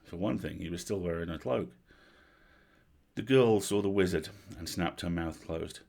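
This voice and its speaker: A man with a very low voice tells a bedtime horror story on a livestream. He reads in a steady, measured way, letting each line land before moving on. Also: creaky. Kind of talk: reading a horror novel aloud.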